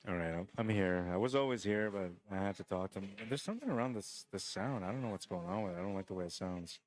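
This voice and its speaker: A man with a deep, just-woke-up voice, rambling and joking as he runs a pool tournament stream and calls the shots, short on sleep. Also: expressive, quick pace, dry recording. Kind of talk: casual live-stream commentary.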